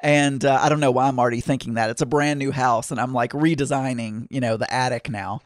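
A man's voice: mid-range voice, fairly even intonation, a little fast, no room sound, studio quality. A man casually telling a long personal anecdote in a rambling way, full of fillers and restarts.

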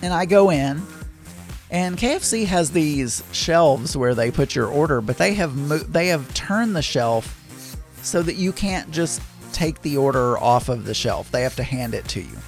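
A man's voice: fairly high pitch, lively intonation, measured pace, faint music behind. A man telling a casual story, rambling with many restarts and exasperated asides.

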